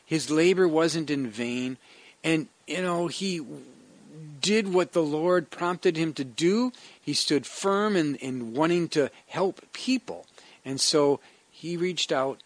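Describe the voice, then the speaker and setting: Earnest pastor, fairly high male voice. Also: takes it slowly, no echo. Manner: earnest, conversational, with frequent restarts. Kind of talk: devotional sermon with prayer.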